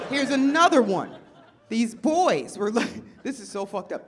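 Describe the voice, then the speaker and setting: A woman doing a stand-up comedy set, loud and animated, acting out quotes in shifting voices. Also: a little high, moderate pace, slight background noise. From Chicago area.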